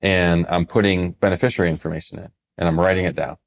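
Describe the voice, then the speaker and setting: Low-pitched male advisor, animated storyteller, casual podcast talk. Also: quick pace. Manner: animated storyteller, acts out quoted clients. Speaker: financial advisor.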